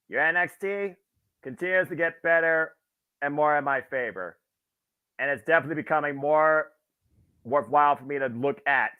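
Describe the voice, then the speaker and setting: A man's voice: a little high, pushed and bright, no echo. A man co-hosting a wrestling show, giving a grandiose, theatrical sign-off speech. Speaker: wrestling commentator co-host. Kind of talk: casual chat.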